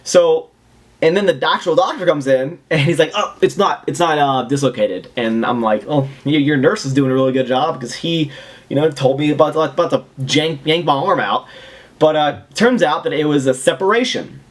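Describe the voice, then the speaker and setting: A young man casually telling a rambling, animated story to the camera at home. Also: a little high, normal speed. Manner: animated, rambling, acts out other people's lines. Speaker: fitness vlogger.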